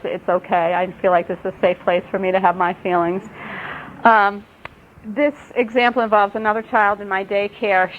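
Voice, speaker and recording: A middle-aged woman gives a parenting workshop, telling stories in a gentle, earnest way. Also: mid-range voice. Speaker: workshop presenter. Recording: dull lo-fi webcast audio, faint noise.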